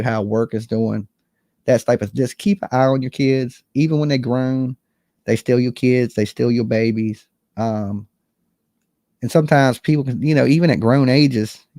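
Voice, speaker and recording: A man's voice: medium pitch, mellow, no room sound, clean studio sound. Blunt, profane man chatting casually on stream. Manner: blunt, profane, conversational, reads chat comments aloud. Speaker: true crime channel host. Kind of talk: casual livestream chat.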